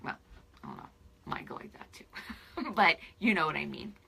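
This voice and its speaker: A woman in her forties, a spiritual life coach, chatting on camera to her followers, teary and emotional, often dropping into soft whispers. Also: deep voice, huge pitch swings, moderate pace, vocal fry, a little hiss or hum. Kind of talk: casual direct-to-camera chat with followers.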